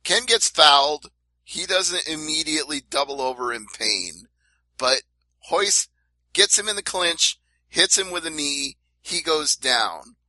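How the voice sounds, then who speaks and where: A man's voice: on the high side, lively intonation, unhurried, sharp tone, no echo, low-quality recording. A man co-hosting a casual fight-sports podcast, laying out events step by step with emphasis. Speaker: podcast co-host. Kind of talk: casual MMA talk.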